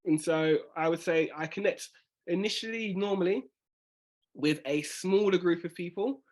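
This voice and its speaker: A man's voice: sits high, normal speed, a little mellow. A man, a spoken word poet, casually teaching a workshop and thinking aloud as he reads out and reworks his own lines.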